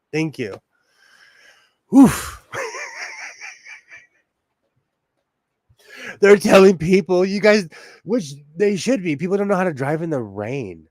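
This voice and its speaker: A man's voice: fairly high pitch, sing-song, slow pace, pauses often, a little mellow, dry recording. A man hosting a casual sewing livestream from home, bubbly and laughing often as he greets viewers. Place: at home indoors.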